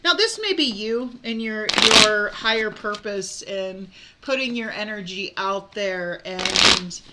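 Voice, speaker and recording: A woman's voice: mid-range voice, animated, slow, heavy background noise. A woman giving a casual tarot reading, talking frankly with many fillers and restarts. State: hiccups. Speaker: tarot reader.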